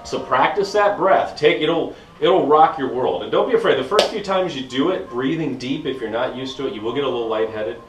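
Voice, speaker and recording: A middle-aged man, a fitness instructor, coaching viewers in an energetic, enthusiastic casual vlog at home, recorded on a camera mic. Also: medium pitch, a little fast, hardly any pauses, background noise. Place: indoor room at home. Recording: echoey room, voice from a distance.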